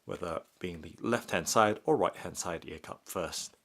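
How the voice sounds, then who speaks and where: A man narrating an unboxing and demonstration step by step, in a slow and methodical way. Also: deep voice, fairly bright tone. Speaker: product reviewer.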